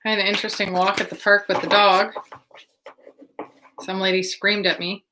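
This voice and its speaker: A woman reading oracle cards and telling casual stories in an animated way, swearing freely and laughing along. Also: mid-range voice, moderate pace, noisy background. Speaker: tarot reader.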